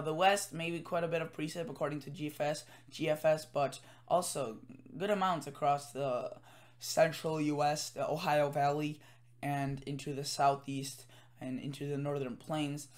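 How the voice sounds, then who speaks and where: A man's voice: fairly high pitch, fairly even intonation, normal speed. A tired man giving a casual weather forecast from home, rambling with many fillers and self-corrections. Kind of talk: casual forecast commentary over screen.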